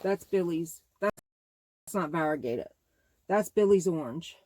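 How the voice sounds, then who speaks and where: Gushing, rambling woman with a low voice. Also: lively intonation, slow pace, dark tone, no echo. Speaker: bag-making channel host. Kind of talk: casual show-and-tell vlog.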